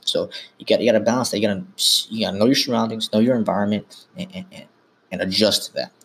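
A man's voice: on the low side, steady tone, fast talker, breathy edge. A man hosting a podcast, talking informally and instructively in a casual monologue, often correcting himself mid-sentence. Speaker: podcast host.

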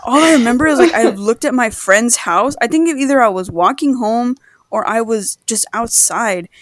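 A woman's voice: on the high side, normal speed, a little hiss or hum. A young woman casually telling a story to friends, swearing often and joking. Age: young adult. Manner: profane, joking, animated storytelling. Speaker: storyteller in a group chat.

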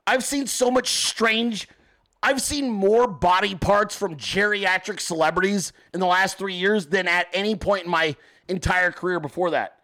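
A man's voice: high voice, moderate pace, bright, forceful tone. A man hosting a podcast, ranting in a profane, crude and exasperated way, often slipping into mocking impressions of other people. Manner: acts out mocking voices of others. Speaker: podcast host. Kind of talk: profane comedic rant.

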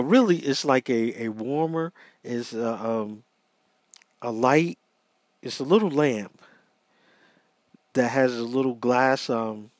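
A sleepy American man hosts a casual solo podcast, chatting in loose, repeating phrases and calling out to y'all. His voice sits at an ordinary middle pitch, and the recording is close and dry with no room around it. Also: dry recording. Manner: chatty, repetitive, addresses listeners as y'all. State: sleepy, yawning. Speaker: podcast host. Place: small home studio.

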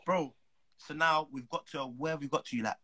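A young man, a footballer telling an animated, slang-filled story as a guest. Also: fairly high pitch, moderate pace, crowd noise, poor audio. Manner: animated, slang-heavy, acts out the people he quotes. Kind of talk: casual storytelling.

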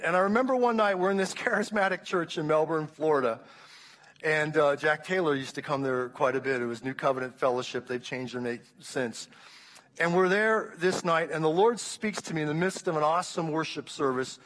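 Impassioned high-voiced man preaching in a church hall. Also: a little fast, a bit bright. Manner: impassioned storytelling with frequent restarts. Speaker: pastor. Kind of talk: sermon testimony.

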